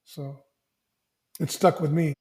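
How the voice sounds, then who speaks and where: A man, an executive coach, talking as a podcast guest and telling stories with lively acted-out dialogue. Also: fairly high pitch, slow pace. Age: older. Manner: animated storyteller who acts out family dialogue, frequent restarts. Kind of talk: conversational interview storytelling.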